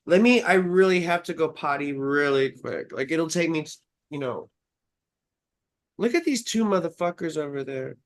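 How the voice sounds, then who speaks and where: A woman's voice: sits low, moderate pace. A young adult woman hosting a live astrology stream, chatting casually and telling stories with lots of swearing. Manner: profane, chatty, animated storytelling. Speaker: astrologer host.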